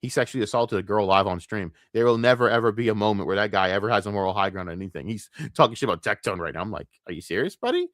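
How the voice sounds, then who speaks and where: A man's voice: lowish voice, fairly even intonation, racing, hardly any pauses, a bit bright, no echo, studio quality. Profane, exasperated male streamer ranting. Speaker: commentary streamer.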